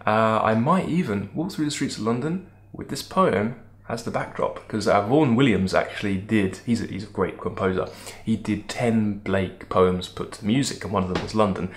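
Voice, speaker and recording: A man teaching a poem in a lively, emphatic way, thinking aloud with frequent restarts. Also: on the low side, normal speed. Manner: animated, emphatic, musing with restarts. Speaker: literature teacher. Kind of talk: lecture-style video analysis.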